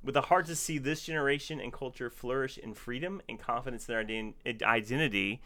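A man's voice: mid-range voice, a little fast, bright, forceful tone. A man hosting a podcast in casual conversation, joking and enthusiastic. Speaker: podcast host.

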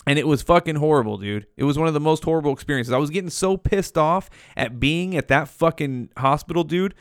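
A man's voice: on the high side, brisk, clear, resonant tone, no echo, studio quality. A man in his forties telling a story from his youth in a laid-back, casual way, swearing a lot and saying "dude" often.

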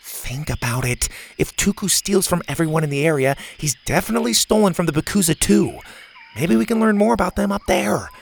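A man voicing an anxious, excitable boy camper whose voice climbs when he gets worried. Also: high-pitched, a little fast, creaky, a little hiss or hum, voice pushed up. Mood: insistent.

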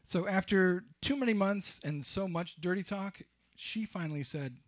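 A man's voice: high-pitched, animated, moderate pace. A man telling a personal story to a live audience in a wry, confessional way with dry humor.

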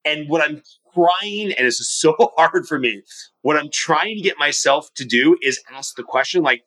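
A man guesting on a podcast, chatting casually and telling animated, rambling stories with frequent restarts. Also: on the high side, moderate pace, low-quality recording. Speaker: podcast guest, mortgage professional and coach. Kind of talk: casual conversational podcast talk. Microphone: remote studio microphone.

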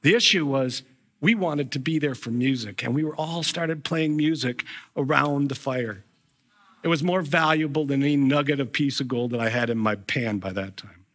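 A man's voice: medium pitch, moderate pace. A man preaching a storytelling sermon, acting out the voices of the people in his stories. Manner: animated, acts out voices in retold scenes. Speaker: pastor.

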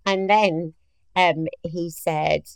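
Podcast host: woman, low voice, dry close mic, chatty anecdotal delivery. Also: fairly even intonation, extremely slow, vocal fry, smooth, no room sound, low-quality recording. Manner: chatty, laughs through her own stories, quotes coworkers. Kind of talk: casual storytelling monologue.

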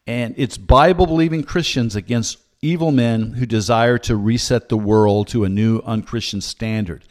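A man hosts a commentary podcast, speaking at a mid-range pitch. His delivery is earnest and measured, with a steady, scripted flow. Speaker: podcast host.

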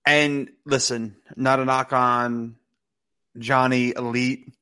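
A man's voice: medium pitch, level tone, takes it slowly, pushed and bright, clear, resonant tone. Rambling man, casual podcast co-host. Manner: loose, rambling, frequent "you know". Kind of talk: casual wrestling podcast chat.

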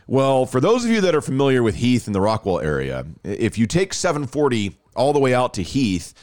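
A man, hosting a podcast and telling a story in a casual, animated way, laughing often and restarting phrases. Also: medium pitch, fairly quick, no echo, clean studio sound. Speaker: podcast host.

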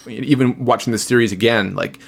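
Male co-host, mid-pitched voice, chatty, animated, lots of fillers. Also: fairly quick, vocal fry. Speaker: podcast co-host. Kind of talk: casual film discussion.

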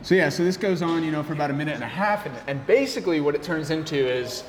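A young man tells a lively, rambling story in a casual interview, laughing as he talks and peppering it with "like" and "bro." His voice sits a little high, and the room adds a long, echoey reverb over faint background noise. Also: very fast, hardly any pauses. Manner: animated, laughing, full of "like" and "bro". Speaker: guest, café owner and barista.

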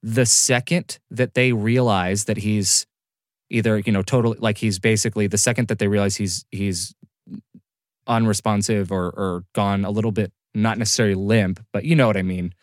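A man's voice: on the low side, steady tone, normal speed, dry recording, studio quality. A man co-hosting a casual podcast discussion, explaining hesitantly with many restarts. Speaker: podcast co-host.

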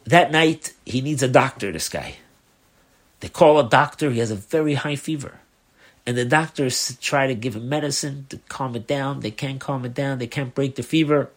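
A man's voice: mid-range voice, normal speed. A man, a rabbi, telling a story in a loose lecture style and acting out the dialogue. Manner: animated, acts out the dialogue; loose, with fillers.

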